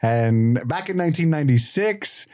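A man co-hosting a casual podcast, his pitch swooping up and down as he talks. He is animated and quick to laugh. The sound is close and dry, with no room around it. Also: no room sound. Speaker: podcast co-host. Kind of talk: casual chat.

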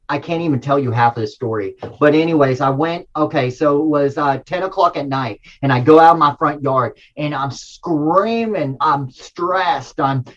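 A middle-aged man telling a personal story in a casual, rambling and excitable way, with many restarts and apologies. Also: fairly high pitch, highs cut off. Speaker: storyteller sharing a personal spiritual experience.

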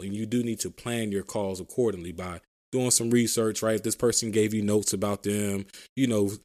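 In a casual solo podcast, a man with a lowish, slightly mellow voice gives sales advice, talking conversationally about sales calls. He asks "right?" a lot and acts out sample phone lines.

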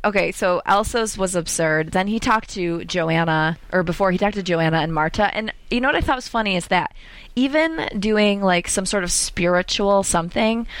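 Animated woman in casual podcast chat. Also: fairly low pitch, smooth, dry recording. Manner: animated, leads the topics, laughs often. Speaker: podcast co-host.

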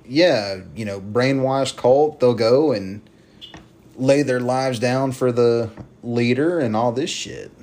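A man co-hosting a casual podcast, rambling and swearing freely as he pitches ideas. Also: a little mellow. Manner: profane, rambling, acts out promos in quick voices. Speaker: podcast co-host.

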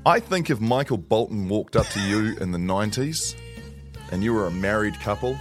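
A man's voice: lowish voice, expressive, normal speed, soft background music. A New man co-hosting a morning radio show, telling stories and laughing through them. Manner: storytelling, laughs through his words. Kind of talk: casual morning radio banter.

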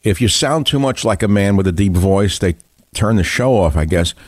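A man's voice: on the low side, animated, normal speed, darkish tone, no room sound. A man hosting a talk radio show, delivering a combative, scornful political monologue with heavy emphasis. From United States.

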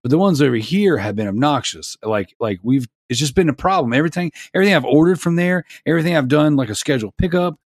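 A man's voice: fairly high pitch, expressive, fast talker, hardly any pauses, dry recording, studio quality. A man in his thirties telling a long, exasperated story in a casual podcast chat. He rambles and restarts his sentences often. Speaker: podcast panelist.

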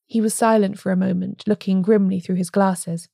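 A woman narrating a story in a steady, even reading style. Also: mid-range voice, normal speed, gravelly, hardly any pauses, no room sound, clean studio sound. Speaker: audiobook narrator. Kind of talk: scripted narration.

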